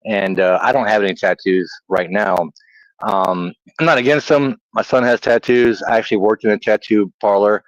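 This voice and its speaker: A man's voice: lowish voice, normal speed, dry recording, lo-fi sound. A middle-aged man with a Southern US accent, co-hosting a casual livestream, chatty and laughing at himself. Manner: laughs easily, chatty and self-teasing. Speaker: livestream co-host.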